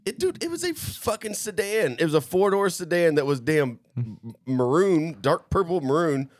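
A man's voice: a little high, very animated, normal speed, dry recording, clean studio sound. Laid-back, rambling podcast guy. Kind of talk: casual chat.

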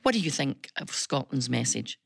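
A middle-aged Scottish woman, a business leader and radio guest, telling stories in an animated, chatty way with frequent restarts. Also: extremely low pitch, moderate pace, vocal fry, slightly rough, dry recording, clean studio sound. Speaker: business chamber chief executive, guest. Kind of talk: casual radio chat.

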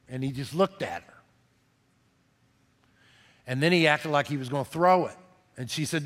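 A middle-aged man, a pastor preaching a sermon in a folksy, animated storytelling manner. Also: medium pitch, normal speed, pauses often.

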